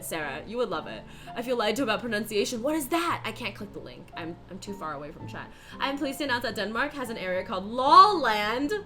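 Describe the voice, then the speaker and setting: A woman's voice: fairly high pitch, pushed and bright. A young woman chatting casually on a live stream as she bakes, swearing and laughing often and sounding out words over and over. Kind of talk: casual live-stream chat while baking.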